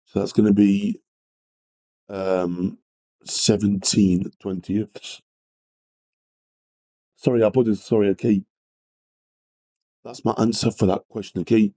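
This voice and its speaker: A man's voice: on the low side, level tone, a little slow, pauses often, dark tone, low-quality recording. A man teaching a live maths revision lesson, greeting viewers and apologising often as he works through problems. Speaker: maths tutor.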